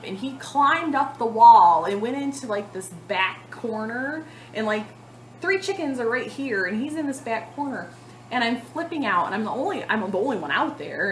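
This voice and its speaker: A woman in her thirties telling a long story to the camera in a casual vlog, chatty and animated, with lots of fillers. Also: medium pitch, roomy sound, slight background noise, low-quality recording. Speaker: cross-stitch vlogger.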